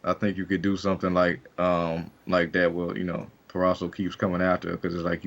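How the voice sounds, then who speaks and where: A man's voice: low voice, flat delivery, a little fast, creaky. A man co-hosting a wrestling podcast, talking casually and rambling with lots of fillers and restarts. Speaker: podcast co-host. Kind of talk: casual chat.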